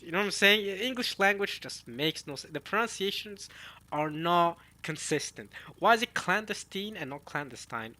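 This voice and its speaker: A man reading a manga chapter aloud and reacting in casual chat, talking to his viewers and musing out loud. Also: on the high side. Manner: chatty, addresses viewers as y'all, muses aloud.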